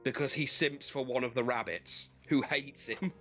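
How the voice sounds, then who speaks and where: A man with a medium-pitched voice talks at a normal speed over soft background music. He hosts a gaming channel and chats casually while playing a video game, an animated storyteller who swears and laughs often.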